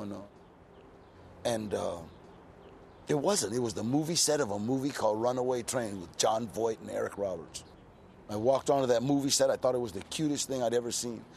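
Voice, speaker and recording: Gravelly older man telling stories. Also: mid-range voice, a little mellow, a little hiss or hum. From California, US. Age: 60s. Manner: laid-back, streetwise storytelling with frequent "you know". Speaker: interview guest. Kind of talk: casual storytelling interview.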